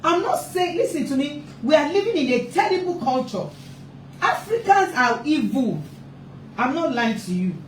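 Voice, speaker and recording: A family therapist and parenting speaker, a woman with a high voice and big pitch swings, speaks at normal speed in a slightly raised voice. Her talk on parenting is impassioned and emphatic, driving points home through repetition. She sits back from the mic in an echoey room, a faint hum of ambience behind her.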